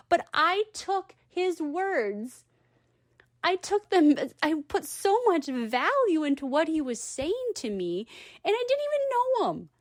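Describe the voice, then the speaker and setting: A woman in her thirties speaks earnestly to her viewers, encouraging them as she tells a story from her own life. Her pitch sits somewhat high and swings widely. The recording is close and dry. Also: very animated, measured pace, dry recording. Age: 30s. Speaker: vlogger giving advice. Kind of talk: personal storytelling and advice.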